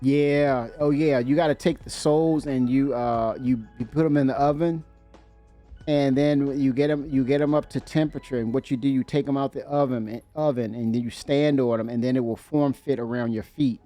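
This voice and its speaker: A man hosting a livestream in casual chat, excitable and rambling, laughing often and filling pauses with "uh". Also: mid-range voice, soft background music. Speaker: livestream host.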